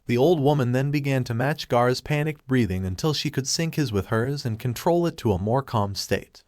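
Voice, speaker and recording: A man's voice: mid-range voice, no room sound. Man narrating fan fiction, dry.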